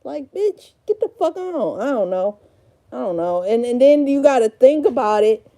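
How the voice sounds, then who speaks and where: A woman's voice: on the high side, animated, normal speed, warm tone. A woman in her thirties in casual livestream chat, rambling, swearing and frazzled as she talks to herself while sorting out a room. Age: 30s. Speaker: live streamer.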